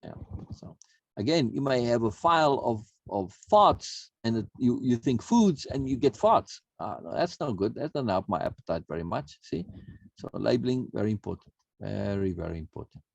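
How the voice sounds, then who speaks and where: A man's voice: mid-range voice, expressive, normal speed, creaky, husky, no room sound. A man teaching an online self-help course in a conversational way, often repeating words and checking in with "right?". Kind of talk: recorded online course talk.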